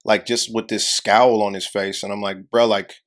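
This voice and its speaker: Young man, podcast co-host, casual storytelling, acts out quotes, low-pitched voice, swears a lot. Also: moderate pace. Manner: animated storyteller, acts out quotes, heavy profanity.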